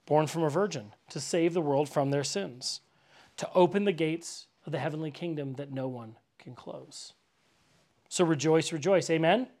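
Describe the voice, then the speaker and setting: Pastor, male, high-set voice, loose chatty sermon delivery with emphatic repeats. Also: moderate pace, darkish tone. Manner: conversational, many "like" fillers, emphatic repetition. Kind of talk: casual sermon. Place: church gathering.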